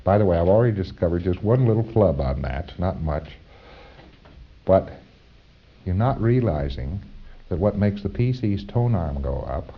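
A man giving an informal lecture to trainees, halting with fillers and repeating words for stress. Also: sits low, animated, vocal fry, breathy edge, lo-fi sound.

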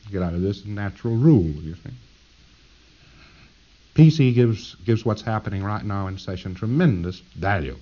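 Male lecturer, lowish voice, casual and wry, lo-fi archival lecture sound. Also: lively intonation, normal speed, warm tone. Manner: conversational, jokey, acts out little scenes. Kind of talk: lecture to trainees.

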